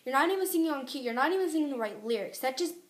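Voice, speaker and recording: Teenage girl, casual vlog rant, exasperated and chatty, highish voice, roomy echo. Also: lively intonation. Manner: ranting, exasperated, fast and chatty. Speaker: vlogger. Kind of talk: casual chat to camera. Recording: echoey room.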